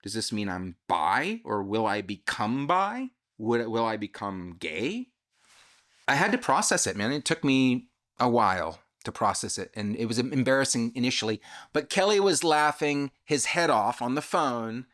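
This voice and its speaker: A man talks straight to his audience about something that happened to him, open and confessional. He often stops and rephrases mid-sentence as he thinks out loud, and his voice sits at an ordinary middle pitch. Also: big pitch swings, moderate pace. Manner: candid, confessional, self-reflective; frequent self-corrections and restarts. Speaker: channel host telling his own story. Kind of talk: personal storytelling monologue.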